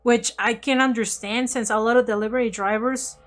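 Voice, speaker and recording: A woman vlogger casually telling an animated story and laughing often. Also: fairly high pitch, brisk, soft background music.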